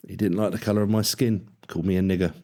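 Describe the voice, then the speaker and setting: A man's voice: low-pitched, fairly even intonation, quick pace, warm tone. A man voicing a young army cadet who answers politely while holding back his anger. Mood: restrained. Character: proud young male army cadet, mixed race.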